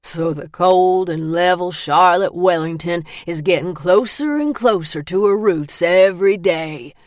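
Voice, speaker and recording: A woman voicing a gravelly, foul-mouthed carnival boss. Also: deep voice, fairly even intonation, a little slow, no room sound, clean studio sound. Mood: mocking. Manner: coarse, bitter, swears freely. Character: gruff middle-aged male carnival boss.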